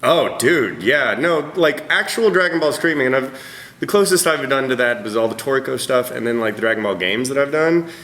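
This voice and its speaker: A man being interviewed as a voice actor at a press roundtable, talking in an animated, self-deprecating way with frequent laughter. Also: medium pitch, fairly quick. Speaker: voice actor guest. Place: convention press room.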